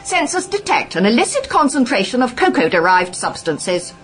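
Woman doing a robot trainer, clipped commands, officious, raised pitch, storybook. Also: big pitch swings, moderate pace, fairly bright tone, faint music behind. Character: bossy male trainer robot, clipped and mechanical.

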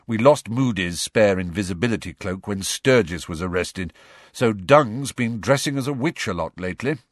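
A brisk, frank adult wizard with a wry, impatient streak, as a man reads him in an audiobook. The voice sits low but swings widely in pitch. It is recorded dry and close. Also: lively intonation, no echo. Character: adult male wizard, wry, bold, fond godfather. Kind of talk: audiobook character voice.

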